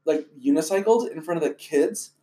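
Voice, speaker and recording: A man's voice: fairly high pitch, normal speed, dark tone. Chatty, playful male host. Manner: playful, chatty, laughs easily. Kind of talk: casual interview chat.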